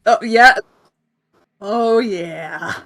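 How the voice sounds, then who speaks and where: A woman's voice: mid-range voice, extremely slow, a bit bright. A woman co-hosting a casual gaming podcast, giggling often as she explains things. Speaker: podcast co-host. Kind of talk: casual chat.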